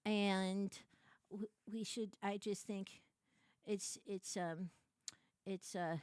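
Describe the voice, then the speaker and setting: A young adult woman streamer chatting casually with her viewers, animated and laughing, prone to excited shrieks. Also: mid-range voice, slow pace, clean tone, no room sound, studio quality.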